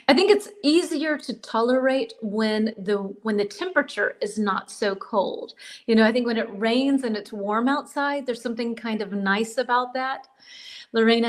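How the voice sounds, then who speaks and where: Chatty American woman teaching live. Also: a little high. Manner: chatty, greets viewers by name, affectionate. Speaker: English teacher hosting a live lesson. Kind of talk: live-stream lesson, reading chat comments.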